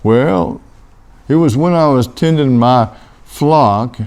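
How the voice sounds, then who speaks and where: A man's voice: mid-range voice, takes it slowly, a little mellow, close to an everyday voice. A man playing a folksy old biblical shepherd-prophet, telling his story in a rambling, homespun way during a comic church interview. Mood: earnest. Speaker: interview guest in character.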